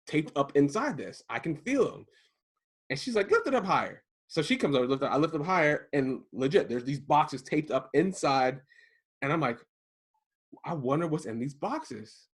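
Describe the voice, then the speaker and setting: A man in his thirties from Maryland telling a story in casual chat, acting out the quotes with lively jumps in his voice. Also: husky. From Prince George's County, Maryland. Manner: animated, acts out quotes with big jumps in pitch. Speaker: podcast co-host telling a story.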